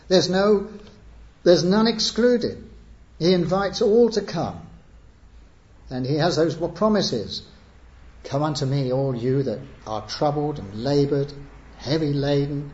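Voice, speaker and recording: A man's voice: on the high side, darkish tone. A man preaching an evangelistic sermon, earnest and pleading, building to emphatic appeals. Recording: echoey muffled church recording.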